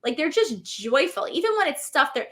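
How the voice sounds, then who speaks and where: A woman co-hosting a casual recap chat, chatty and self-deprecating, with quick asides. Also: high-pitched, sing-song, bright, forceful tone. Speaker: co-host, former race winner.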